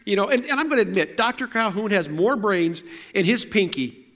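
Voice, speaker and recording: High-voiced preacher telling stories. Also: male voice, animated, a little fast, a bit bright. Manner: conversational and self-deprecating, with frequent restarts. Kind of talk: storytelling sermon.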